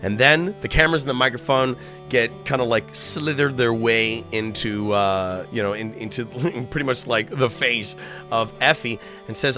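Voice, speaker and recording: A man narrating as game master in a tabletop game, excitable and prone to laughing and repeating himself. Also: mid-range voice, moderate pace, faint music behind.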